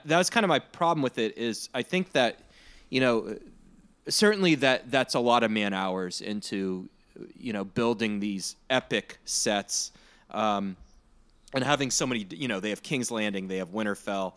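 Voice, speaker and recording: A man's voice: mid-range voice, a bit bright. A man in casual podcast chat, talking earnestly with many fillers and repeated phrases.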